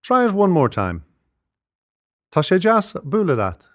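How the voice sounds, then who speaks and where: A man hosts a short language lesson with an upbeat, clear teacherly delivery. His voice sits a little high and moves in a lively, animated way. He slows down deliberately whenever he models a phrase for the learner. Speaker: Irish teacher.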